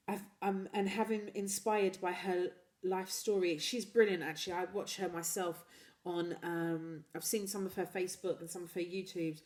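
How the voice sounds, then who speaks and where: A woman hosting a live talk show, chatting warmly through viewer comments and laughing easily. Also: medium pitch. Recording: echoey room.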